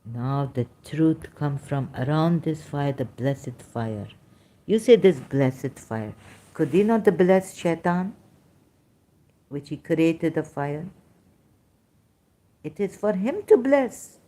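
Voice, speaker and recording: A woman giving an informal lecture, reading scripture verses aloud in halting, non-native English phrasing. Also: deep voice, animated, dark tone. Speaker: religious critic presenting scripture.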